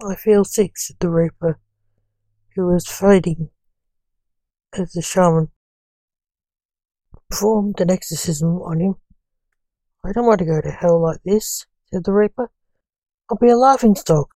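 A woman reading a story aloud in an even, unhurried way, with little change of voice between characters. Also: on the low side, dry recording. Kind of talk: read-aloud story narration.

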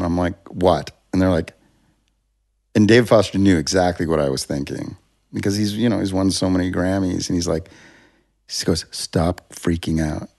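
A man's voice: low-pitched, a little mellow. A man, a music producer, telling a long story in a casual interview, rambling and restarting, acting out what people said. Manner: rambling, self-interrupting, acts out quotes.

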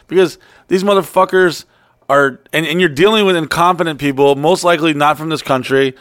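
A man's voice: on the high side, fairly quick, fairly bright tone, no room sound, clean studio sound. A man co-hosting a podcast, ranting angrily with lots of swearing in casual chat. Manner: angry ranting, heavy swearing. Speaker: podcast co-host.

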